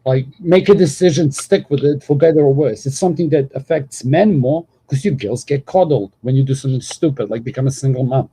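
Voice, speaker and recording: Mellow, husky man chatting casually. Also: mid-range voice, brisk, hardly any pauses. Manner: rambling, profane, filler-heavy. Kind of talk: casual group chat.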